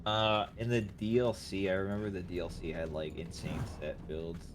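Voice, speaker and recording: A man's voice: low-pitched, little pitch movement, normal speed. A man chatting bluntly while gaming, swearing freely. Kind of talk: casual chat while gaming. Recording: loud background noise.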